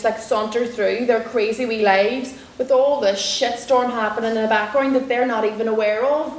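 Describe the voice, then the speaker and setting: A Northern Irish woman with a Derry lilt tells stories as an interview guest, chatty and quick to laugh. Her voice carries in a roomy lecture room, with a faint hiss under it. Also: on the high side. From Northern Ireland. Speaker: guest comedian and actor. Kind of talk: storytelling interview answers. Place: lecture room in a university building.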